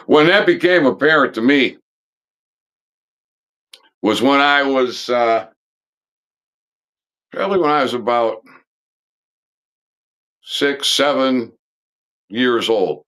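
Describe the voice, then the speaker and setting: Slow, halting man with a smooth voice. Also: mid-range voice, a bit bright. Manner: halting, full of pauses and restarts; blunt, occasionally swears. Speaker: live stream host. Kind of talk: rambling monologue.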